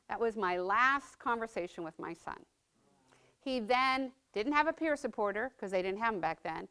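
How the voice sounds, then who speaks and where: A woman's voice: fairly high pitch, expressive, normal speed, pushed and bright, smooth. A middle-aged woman giving a personal testimony talk, conversational and earnest, often checking in with the audience by asking "right?". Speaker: speaker sharing her story as a mother.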